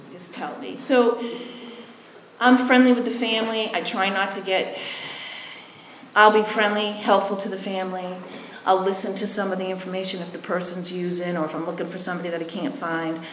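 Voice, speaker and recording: A woman's voice: lowish voice, echoey room, a little hiss or hum, poor audio. A woman speaking candidly about sponsoring people in recovery, blunt and a bit sarcastic, acting out both sides of conversations. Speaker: recovery sponsor and halfway house worker. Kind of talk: candid personal testimony.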